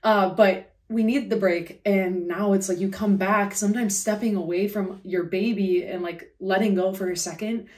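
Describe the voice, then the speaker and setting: Excitable woman with a slight lisp. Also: medium pitch, normal speed, hardly any pauses, distant mic. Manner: excitable, swears, heavy use of "like". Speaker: podcast co-host. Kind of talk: casual chat. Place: remote, away from home studio.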